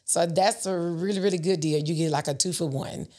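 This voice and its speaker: A woman's voice: fairly low pitch, a little fast, warm tone, breathy edge. A woman who is an interview guest and runs an event business, talking earnestly and laughing often. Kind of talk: casual interview chat.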